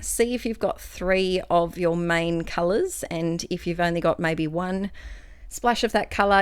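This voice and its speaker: A young Australian woman narrating her scrapbooking video in a chatty, rambling way, restarting phrases and slightly out of breath. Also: fairly low pitch. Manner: chatty, rambling, self-correcting. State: a little out of breath. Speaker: craft vlogger.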